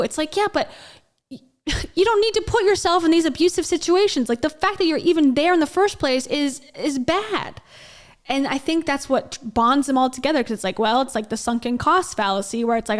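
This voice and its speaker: A woman's voice: sits high, animated, moderate pace. A woman hosting a casual reaction commentary, sarcastic, laughing and swearing as she talks. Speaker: commentary host.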